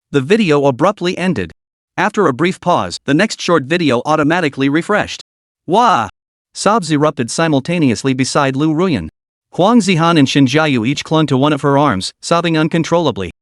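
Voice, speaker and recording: A man narrating a web novel in an even, steady reading voice. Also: a little high, dry recording, clean studio sound.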